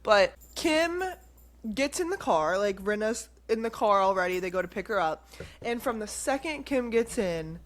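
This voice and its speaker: A woman co-hosting a casual chat podcast, animated, laughing often and acting out quoted lines. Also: medium pitch, normal speed. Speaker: podcast co-host.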